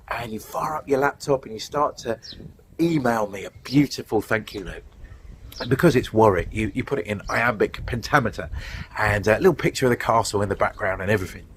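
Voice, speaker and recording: A middle-aged man delivers a sermon outdoors on a windy day. He talks in a conversational, animated storytelling manner at a mid pitch, with a faint hiss of wind and open ambience behind him. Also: a little fast, rough recording. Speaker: guest preacher.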